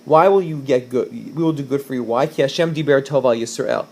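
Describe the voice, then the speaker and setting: A man's voice: mid-range voice, a little fast, hardly any pauses, darkish tone. A man teaching a recorded lesson, reading Hebrew verses and translating them line by line, with frequent fillers and self-corrections.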